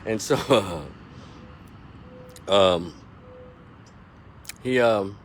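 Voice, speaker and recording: A middle-aged man, a movie reviewer in a casual vlog, retelling scenes in a rambling, animated way with plenty of profanity. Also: fairly low pitch, very slow, slight background noise.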